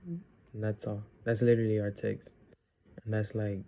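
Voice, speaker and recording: A young man pours out his frustrations in a rambling vlog monologue and acts out past arguments. His voice sits low and very dark, and his delivery stays flat with little rise and fall. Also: normal speed, a little hiss or hum. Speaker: vlogger. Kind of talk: personal venting monologue.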